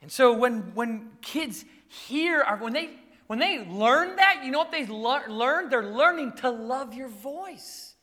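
A man's voice: very high voice, slow pace, big-room sound. A male pastor preaching, telling playful stories with frequent laughter. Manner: animated, playful storytelling. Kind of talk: sermon.

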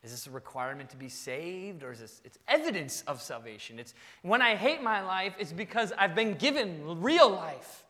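A male pastor preaches in a bright, high voice that jumps all over its range. He swings between loud bursts and quiet asides, and his voice rings out in the long reverb of a large church hall. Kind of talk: sermon. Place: church sanctuary.

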